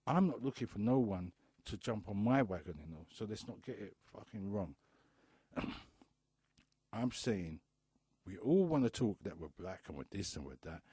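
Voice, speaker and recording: Husky ranting man, dry mic. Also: fairly low pitch, warm tone, dry recording. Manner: ranting, blunt and profane; repeats rhetorical questions. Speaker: radio talk show host. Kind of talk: impassioned radio monologue.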